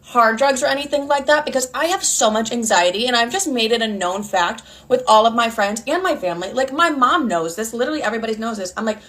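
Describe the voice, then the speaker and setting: A woman in her twenties telling a storytime casually, outspoken and animated, swearing often and acting out what people said. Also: a little high, quick pace, hardly any pauses. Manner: outspoken, animated, frequent swearing, acts out quotes.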